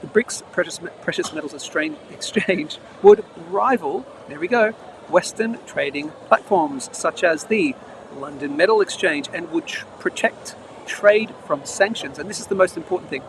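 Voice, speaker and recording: A chatty man hosts a live market show, reading the news aloud and breaking off for quick comments. His voice sits a little high, and clear street and traffic noise runs under the outdoor recording. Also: expressive. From Australia. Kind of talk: casual live-stream chat and news reading. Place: outdoors near traffic, between trains. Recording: noisy outdoor live stream.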